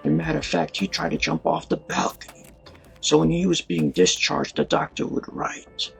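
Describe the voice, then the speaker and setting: A man's voice: fairly high pitch, fairly even intonation, normal speed, gravelly, slightly rough, soft background music. A man narrating a true-crime story in a casual, dramatic, colloquial way, acting out voices and sound effects.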